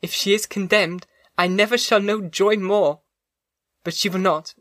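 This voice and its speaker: A man's voice: high-pitched, fairly even intonation, a little slow, a bit bright, no room sound, pitched above the performer's own voice. An earnest young woman, grieving yet clinging to hope, pleads with feeling in an audiobook reading, as a man raises his voice to play her. The sound is close and dry, with no room around it. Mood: pleading. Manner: pleading, emotional.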